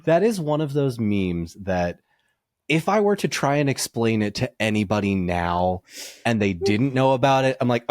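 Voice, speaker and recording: A man chatting casually as a podcast guest, excitable and laughing often, going off on tangents. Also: medium pitch, normal speed, no echo, studio quality. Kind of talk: casual chat.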